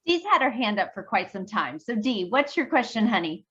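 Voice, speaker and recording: A woman's voice: fairly high pitch, big pitch swings, normal speed, pushed and bright. Woman director, gracious moderator voice, muffled call audio. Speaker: sales director.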